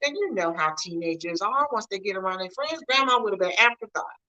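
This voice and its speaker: Here a middle-aged Mid-US woman vlogs from home, animatedly chatting to her audience and casually telling stories. She talks fast in a medium-pitched voice, and the sound is lo-fi.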